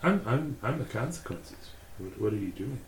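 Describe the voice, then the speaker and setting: A man's voice: mid-range voice, lively intonation, moderate pace. A man co-hosting a podcast in casual chat, stammering and swearing as he reacts. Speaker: podcast co-host. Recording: roomy echo, faint hiss.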